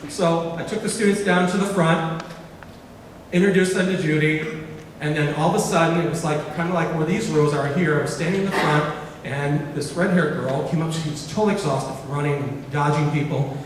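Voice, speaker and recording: A man giving a keynote speech, telling a story and acting out its dialogue in an animated way in a large auditorium. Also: on the high side, brisk, a little hiss or hum. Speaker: keynote speaker. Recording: echoey hall recorded from far off.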